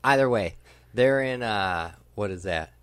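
A young man with a low voice tells a rambling, profane story to friends. The sound is dry and close. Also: expressive, measured pace, clean tone, no echo. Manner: profane, rambling storyteller with loud bursts of laughter. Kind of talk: casual chat. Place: outdoors by a grill.

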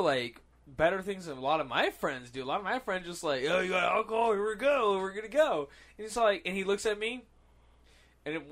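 A man in his twenties, a podcast host, telling a story in casual chat, swearing freely and acting out what people said. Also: a little high. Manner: animated storyteller, swears a lot, acts out quotes.

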